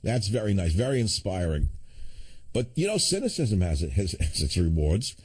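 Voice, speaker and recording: A man's voice: low voice, sing-song, moderate pace, darkish tone, slightly rough. A man hosting a call-in radio show, talking in a combative, sardonic way with chuckling asides. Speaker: radio talk show host.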